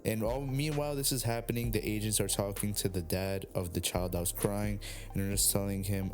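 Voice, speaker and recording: A man's voice: fairly low pitch, steady tone, fairly quick, a little mellow. A young man telling a story casually, rambling with lots of fillers and some swearing. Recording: music playing underneath.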